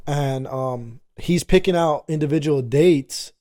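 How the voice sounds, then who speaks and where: A young man co-hosting a podcast, joking loudly and swearing in casual chat. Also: fairly high pitch, a little slow. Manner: loud, joking, swearing often, says bro a lot. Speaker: podcast co-host.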